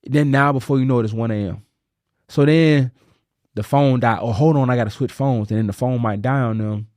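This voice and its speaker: Young man, podcast co-host, casual animated chat, middle-pitched voice, dry close mic. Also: a little fast, no echo. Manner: animated storytelling, pitch jumps when emphatic.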